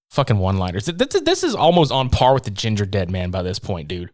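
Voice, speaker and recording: A man's voice: lowish voice, big pitch swings, moderate pace, darkish tone, no room sound, studio quality. A man co-hosting a podcast in casual chat, recapping a movie with lots of swearing and laughter and acting out quoted lines. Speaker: podcast co-host.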